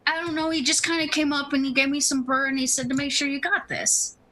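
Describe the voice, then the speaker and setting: A woman voicing a sneaky young street kid, a boy who whines and wails high to dodge trouble. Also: little pitch movement, fast talker, sharp tone. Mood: sly. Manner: wailing, high put-on pleading.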